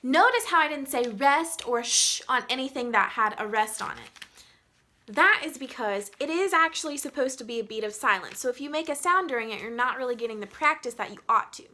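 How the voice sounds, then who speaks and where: A woman's voice: high voice, animated, a little fast, pushed and bright. A young woman teaching music, explaining rhythm in a chatty way and chanting counting syllables to demonstrate them.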